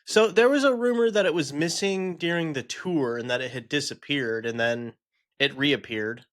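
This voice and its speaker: A man's voice: a little high, normal speed. A man co-hosting a podcast, chatting casually, laughing often and swearing freely. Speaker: podcast co-host.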